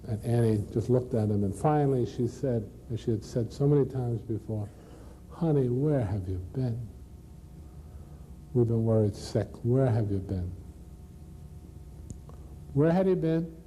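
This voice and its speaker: A man's voice: medium pitch, unhurried, pauses often, warm tone, a little hiss or hum, close to an everyday voice. A man acting in a one-man stage monologue, playing a recovering alcoholic who recalls his past in a conversational storytelling manner and addresses the audience.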